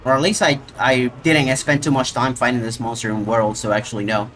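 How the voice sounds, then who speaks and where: A man streaming a video game live, reacting out loud and talking to the monster he fights. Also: medium pitch, fairly quick, faint music behind. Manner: excitable, talks to the monster. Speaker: gaming streamer. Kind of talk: live gameplay commentary.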